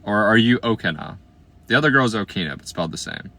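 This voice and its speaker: A man in his twenties from Iowa, chatting casually on a livestream while reading viewer comments, playful and slangy, often trailing off into quiet asides. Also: lowish voice, lively intonation, quick pace, no room sound. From Iowa, USA. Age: 20s.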